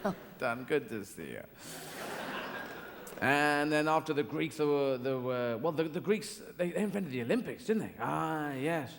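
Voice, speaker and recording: Male stand-up comic, rambling and whimsical, slightly high, gravelly edge; live theatre recording with a long reverb tail and audible crowd. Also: expressive, normal speed, slight background noise. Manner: rambling, whimsical, slips into silly voices. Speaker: stand-up comedian. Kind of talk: stand-up comedy routine. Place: large theatre stage.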